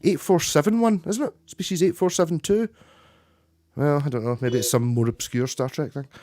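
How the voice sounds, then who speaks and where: A man's voice: a little high, normal speed, mellow. A man chatting casually with viewers as a livestream host, rambling and restarting his sentences often. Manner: rambling, stop-start, chatty with frequent restarts. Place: home room, playing guitar.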